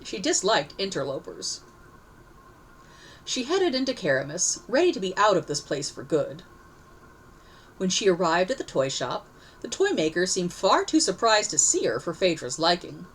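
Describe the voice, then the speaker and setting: Expressive woman reading a story. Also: on the low side, normal speed, slightly rough, poor audio. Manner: expressive reading with self-corrections. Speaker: story reader. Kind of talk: storybook narration.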